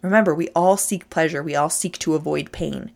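A woman's voice: sits low, a little fast, creaky. A woman giving a motivational talk, speaking emphatically and addressing listeners directly.

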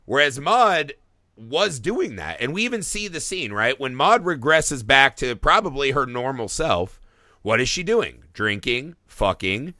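A man's voice: mid-range voice, measured pace, no echo, clean studio sound. A man in a casual film discussion, telling stories with plenty of swearing. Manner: animated storyteller, swears freely. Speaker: podcast co-host.

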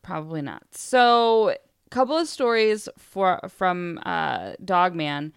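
A woman co-hosting a podcast, telling spooky stories in casual chat, animated, laughing often and acting out the voices in her stories. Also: on the low side, takes it slowly, vocal fry, clear, resonant tone, no room sound, studio quality. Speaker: podcast co-host.

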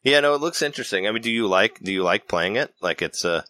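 Low-voiced guy hosting a game chat, punchy bright tone, laughs a lot, dry mic. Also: expressive, quick pace, no room sound. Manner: laughs often, restarts sentences. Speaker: podcast host. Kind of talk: casual gaming chat.

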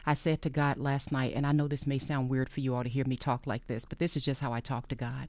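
A podcast host giving an earnest faith-based monologue, repeating phrases for emphasis and often sinking into a breathy whisper. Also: medium pitch, flat delivery, quick pace, few pauses, darkish tone, dry recording.

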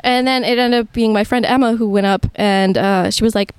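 A woman's voice: on the high side, fairly even intonation, fairly quick, clear, resonant tone, no room sound. A young woman co-hosting a podcast, telling a story in casual chat, swearing freely and laughing mid-sentence, on a headset mic. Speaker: podcast co-host.

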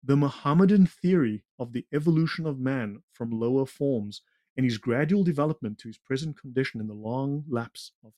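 A man talks through a slide presentation in a lecture-like way, drifting into tangents and dropping sarcastic asides. His voice sits in an ordinary middle pitch. The recording is dry and close, with no room sound. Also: brisk, warm tone, no echo. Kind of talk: lecture-style talk in a conversation.

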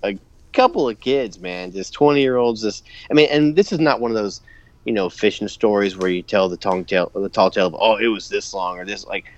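Casual podcast co-host, male, lower voice, dry and slightly muffled, animated storyteller who laughs a lot. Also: fairly quick. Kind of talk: casual chat.

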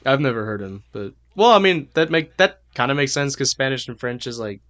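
A man's voice: mid-range voice, lively intonation, a little fast, a bit bright. A man co-hosting a podcast, rambling in casual chat with lots of "like"s. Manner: rambling, full of fillers and laughs. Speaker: podcast co-host.

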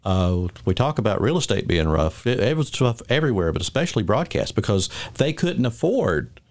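A man hosting a casual interview, looking back on his own broadcasting days in a halting, conversational way. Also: on the low side, sing-song. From Macon, Georgia area. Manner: reminiscing, halting with restarts. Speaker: host.

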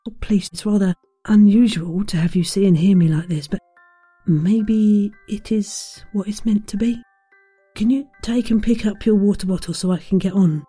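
A woman's voice: medium pitch, normal speed, warm tone, breathy edge, no echo, soft background music, close to an everyday voice. A woman voicing a small, kindly male teddy bear who speaks politely and a little fussily. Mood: earnest.

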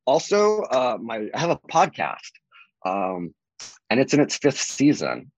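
A man's voice: measured pace, no echo, dull audio. A man, a real estate agent, talking casually in an interview, rambling with many fillers. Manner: rambling, many fillers, lively swings in pitch.

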